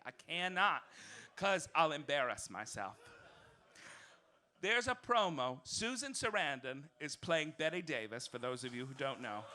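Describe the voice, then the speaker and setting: Male cabaret comic, campy and theatrical, bright voice, unhurried delivery. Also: a little high, big pitch swings. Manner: campy, theatrical, swings into shrieking outbursts. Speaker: comedy host. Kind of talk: stand-up comedy monologue. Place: small cabaret club with live audience.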